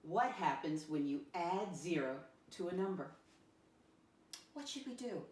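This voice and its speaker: A woman teacher leading a first-grade math lesson, with a sing-song manner and slow letter-by-letter spelling. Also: fairly low pitch, animated, a little mellow, distant mic. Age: adult with a son. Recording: echoey room, voice off-mic.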